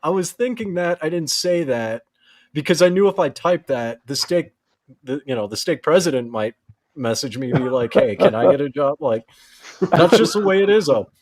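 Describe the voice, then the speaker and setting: A man's voice: on the high side, moderate pace. A man on a panel podcast, animatedly telling stories and acting out quoted lines. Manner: animated storyteller, acts out quotes. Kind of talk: casual panel chat.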